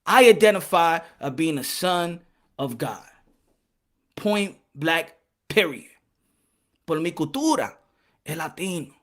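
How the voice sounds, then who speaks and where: A man hosting a boxing channel, delivering impassioned, preachy commentary and switching between English and Spanish, rising to shouts when worked up. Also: a little high, expressive, slow pace, long pauses.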